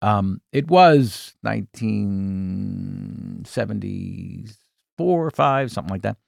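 A man in his sixties, a comedian guest, telling an anecdote in an animated way, with asides and self-corrections. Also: lowish voice, takes it slowly, gravelly, no room sound, studio quality. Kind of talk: anecdotal storytelling in an interview.

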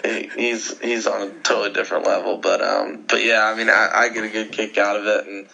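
A man's voice: on the low side, flat delivery, a little fast, vocal fry, sharp tone, low-quality recording. A man in his twenties, a pro golfer guest, chatting loosely with lots of restarts and laughs. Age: 20s. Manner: laid-back, rambling with frequent restarts and laughs. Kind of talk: casual interview chat.

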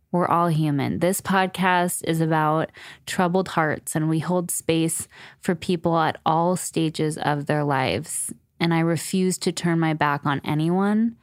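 Twenties woman hosting a podcast; low, smooth voice, candid, swears a lot, dry close-miked sound. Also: no echo. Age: 20s. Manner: candid, emphatic, swears freely. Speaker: podcast host. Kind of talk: casual podcast conversation. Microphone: close podcast mic.

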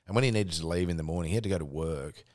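Man, Australian accent, very low pitch, rambling, profane, casual podcast storytelling. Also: rapid-fire, a little mellow. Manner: rambling, sweary, laughing mid-story. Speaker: podcast co-host.

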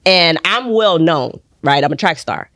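Lively woman storyteller, dry close sound. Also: unhurried, no echo. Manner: lively, acts out quoted voices with sudden high jumps. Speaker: podcast guest, actress. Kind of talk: animated personal storytelling. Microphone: studio podcast mic.

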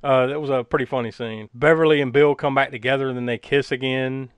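A man's voice: medium pitch, steady tone, fast, clean tone, dry recording. Casual rambling man, dry close sound. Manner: rambling, filler-heavy, laughs often. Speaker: podcast co-host recapping a film. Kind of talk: casual chat.

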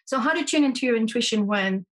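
A woman with a somewhat husky, slightly high voice speaks as a podcast guest. She explains her method earnestly and patiently, often restarting her sentences. Her first language is French. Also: expressive, fast talker. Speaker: podcast guest, intuition teacher. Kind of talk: conversational interview.

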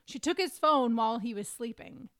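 A woman co-hosting a podcast, reading through case details and quoted statements at a steady pace. Her voice is somewhat higher than most women's. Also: moderate pace. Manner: steady narration of notes and quotes. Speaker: podcast co-host.

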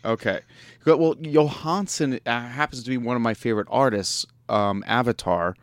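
A man's voice: medium pitch, normal speed, dry recording. A man hosting a podcast in casual interview chat, joking and laughing often as he rambles. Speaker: podcast host.

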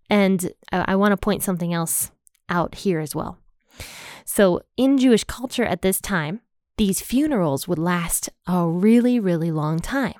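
A woman hosting a Bible podcast, walking through verses in a relaxed, conversational way with everyday phrasing. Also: medium pitch, dry recording, clean studio sound. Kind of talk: casual Bible study teaching.

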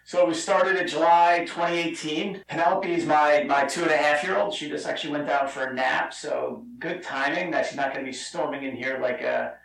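A middle-aged man with a New Jersey accent tells a long story in a chatty, rambling way. His voice sits a bit high and has a gravelly edge. He sounds set back from the mic in an echoey room. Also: fairly even intonation, brisk, hardly any pauses, a bit bright, distant mic. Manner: chatty, rambling, lots of fillers. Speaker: guest, bourbon company founder. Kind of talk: casual storytelling.

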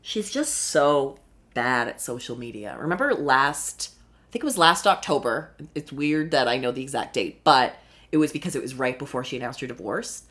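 A young woman talks through a reality show on her own, snarky and swearing freely. Her voice is bright and forceful and leaps around in pitch. She keeps the pace loose and casual, breaking into sudden high exclamations. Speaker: podcast host recapping a reality show. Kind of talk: casual solo commentary.

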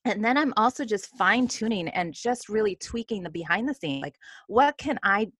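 A woman's voice: medium pitch, animated, normal speed, fairly bright tone, husky, no echo. A woman business coach as an interview guest, talking in an earnest, upbeat way with many fillers. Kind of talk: casual interview chat.

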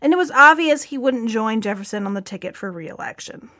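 A woman reads a history script as a podcast co-host, her voice sitting a little high. She tells it with lively energy and drops in casual asides. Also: fairly quick. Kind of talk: scripted history narration with banter.

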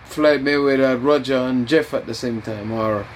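A man's voice: mid-range voice, moderate pace, slight background noise, rough recording. A man being interviewed during fight week, talking in a laid-back, teasing and rambling way.

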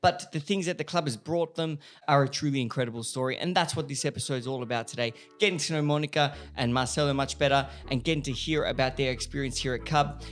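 A man's voice: medium pitch, fast talker, few pauses, soft background music. An upbeat man hosting a podcast in a chatty, casual way, laughing often. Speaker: podcast host. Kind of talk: casual chat.

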